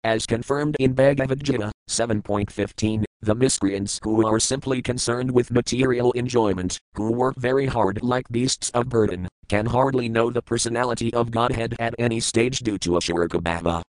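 A man reads scripture aloud in a steady, measured recitation. Even his formatting marks are read out plainly. The sound is close and dry, with no room around it. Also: mid-range voice, dry recording, rough recording. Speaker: scripture reader. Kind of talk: scripted reading of verses and commentary.

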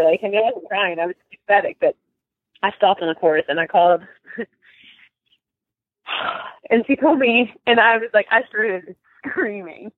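Young woman rambling through a story, animated, laughs a lot, tinny dry phone sound. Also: medium pitch, moderate pace, long pauses, no echo. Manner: animated, laughing, emotional, many restarts. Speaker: guest. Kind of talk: casual storytelling interview.

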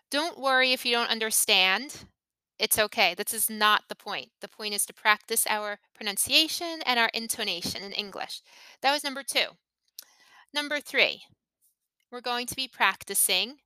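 A woman hosting an English podcast, slowly modeling tongue twisters and intonation for learners to repeat. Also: a little high, sharp tone, smooth, no room sound. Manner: careful, deliberate modeling of intonation. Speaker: English teacher and podcast host. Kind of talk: slow, clear pronunciation lesson.

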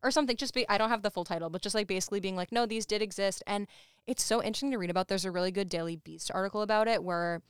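Chatty woman with a crisp, smooth voice. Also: mid-range voice, rapid-fire, dry recording, clean studio sound. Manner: chatty, lots of "like", laughs while talking. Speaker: podcast co-host. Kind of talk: casual chat recapping a show.

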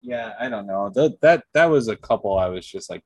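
Husky low-voiced man with wry asides. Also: expressive, brisk, no echo. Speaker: podcast co-host. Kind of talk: casual chat.

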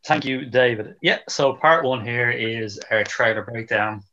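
A man's voice: mid-range voice, fairly even intonation, a little slow, pushed and bright. A man hosting a casual podcast, presenting the running order in an upbeat way. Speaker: podcast host. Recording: dull, lo-fi sound.

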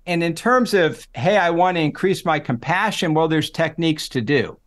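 A middle-aged man with a slightly high voice talks easily in an interview, explaining ideas through lively stories. He slips into quoted voices as he goes. The tone stays relaxed and conversational. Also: moderate pace. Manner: animated storyteller, acts out quoted voices. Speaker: psychology professor guest.

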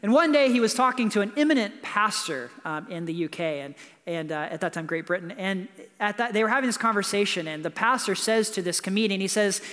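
Pastor, male, high voice, casual preaching style, long church reverb; keeps checking in with "right?". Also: expressive, fairly quick, a bit bright. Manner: conversational preaching with frequent "right?" asides. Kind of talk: sermon. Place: church building.

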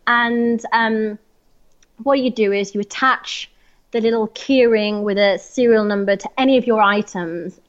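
A woman's voice: medium pitch, muffled recording. A woman from North Yorkshire with a neutral, slightly posh English accent, a podcast guest talking hesitantly with many ums. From North Yorkshire, England. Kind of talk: casual interview chat.

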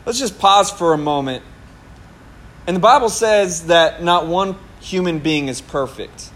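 Preaching at a somewhat slow pace, this male pastor has a high-sitting voice. His sermon includes a personal anecdote told with laughter, as he playfully mocks himself and performs his own past lines.

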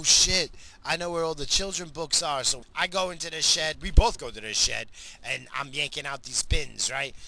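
A man's voice: mid-range voice, gravelly, bright, forceful tone, slight background noise. A middle-aged man telling a story in a casual monologue, rambling and profane, laughing at his own tale.

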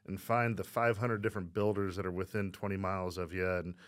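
A man's voice: deep voice, level tone, a little fast, a bit bright, no echo. A man co-hosting a real estate podcast, talking emphatically and often tagging his points with a question. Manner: emphatic, keeps adding "right?". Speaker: real estate agent and co-host. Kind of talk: casual chat.

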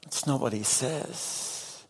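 Male pastor, mid-range voice, unhurried sermon delivery, earnest, questions the congregation. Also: mid-range voice, breathy edge. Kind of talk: evening sermon.

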